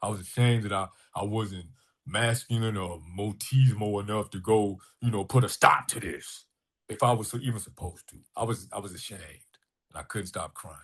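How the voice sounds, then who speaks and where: A middle-aged man with a fairly low, breathy voice speaks at a moderate pace. He's a guest on a podcast, an artist and filmmaker, telling a personal story with lots of animation and acting out the quoted dialogue.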